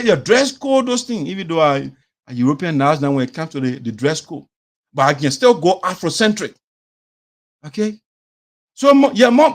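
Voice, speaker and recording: A man with a Liberian English accent and a high, light voice, delivering opinionated commentary as host. He talks with animation, drops into phrases of his local language, and imitates the people he is discussing. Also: fairly bright tone. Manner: mimics the people he talks about.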